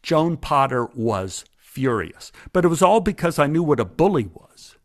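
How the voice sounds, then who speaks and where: A man in his sixties from Dallas, telling stories from his life in an animated, conversational way as an interview guest. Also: a little high, moderate pace, no room sound, clean studio sound. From Dallas, Texas. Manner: animated, acts out remembered voices. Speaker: guest storyteller. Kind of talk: conversational storytelling.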